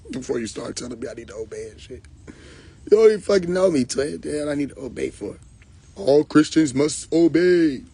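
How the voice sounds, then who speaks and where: A man's voice: medium pitch, very animated, a little fast, vocal fry, warm tone, husky. Young man ranting mockingly on a live stream. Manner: laughs often, mocking, profane. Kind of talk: casual live-stream rant.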